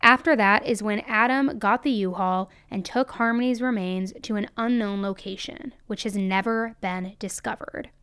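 A woman's voice: mid-range voice, normal speed, hardly any pauses, fairly bright tone, clean tone, no room sound. A woman hosting a true crime show, giving blunt and emphatic commentary into a close mic.

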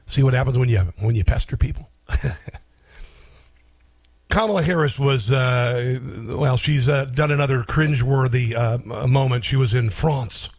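A man's voice: mid-range voice, normal speed, dry recording. A middle-aged man hosting a radio call-in show, chatty and storytelling with mocking asides. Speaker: radio talk show host. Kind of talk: casual call-in show chat.

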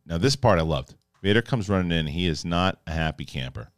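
A man with a low voice breaks down a TV episode in loose, casual talk. He is animated and jokey, slipping into quick impressions of the characters. The sound is close and dry. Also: no room sound. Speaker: film and TV reviewer. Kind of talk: casual spoken episode review.

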